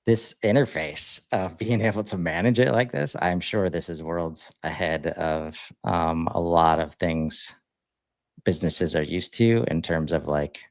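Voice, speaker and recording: A man's voice: low-pitched, unhurried, no echo. A man co-hosting a podcast, chatting casually with plenty of fillers and restarts. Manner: relaxed, rambling, lots of fillers. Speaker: podcast co-host. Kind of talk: casual chat.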